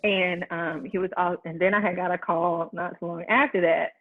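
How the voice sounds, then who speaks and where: A woman's voice: lowish voice, steady tone, moderate pace, no room sound, narrow, tinny audio. A woman hosting a casual faith chat, talking in a heartfelt, earnest way with many restarts. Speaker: host.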